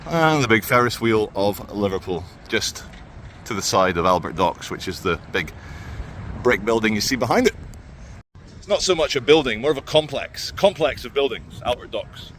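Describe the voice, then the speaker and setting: A man's voice: fairly low pitch, lively intonation, moderate pace, a bit bright, slight background noise. A man vlogging while he walks outdoors by a waterfront, talking in a sardonic, rambling way into a handheld camera. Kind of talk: walking vlog commentary.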